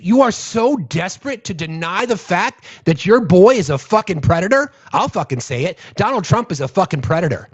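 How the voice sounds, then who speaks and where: A man hosting political commentary, ranting with heated, profane outbursts. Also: sits high. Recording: dull lo-fi audio.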